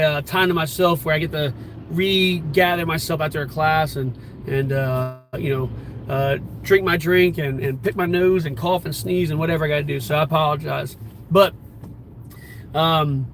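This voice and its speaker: A man's voice: on the high side, a little hiss or hum, low-quality recording. A firearms instructor talking in a casual explanatory vlog from his car, in plain words with many restarts and fillers. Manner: conversational, plain-spoken, frequent restarts and fillers.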